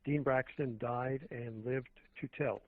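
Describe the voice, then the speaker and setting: A man's voice: mid-range voice, steady tone, slow pace, no room sound. Rambling man on a tinny phone line. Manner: rambling, earnest, many restarts. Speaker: guest. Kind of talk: phone-in talk radio conversation.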